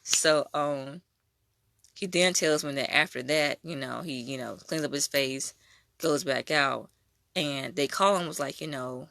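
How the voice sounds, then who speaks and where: A young adult woman tells her faith testimony in a casual, animated way, slipping into other people's voices as she goes. Her voice is bright and edged with vocal fry. The recording is dry and close, with little room sound. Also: deep voice, a little slow, dry recording. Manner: animated storytelling, acting out quoted voices.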